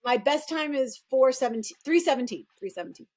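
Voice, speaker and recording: A middle-aged woman with a fairly high voice tells stories as a guest in a casual interview. She is animated and acts out what other people said in a higher, bouncing voice. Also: a little fast. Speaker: guest, performance coach.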